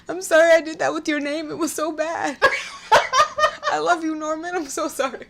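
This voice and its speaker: Co-host, woman from Southern Maryland: bright, somewhat high voice, giggly and excitable, cheerful casual swearing. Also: moderate pace. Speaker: podcast co-host. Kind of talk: casual chat, reading listener comments.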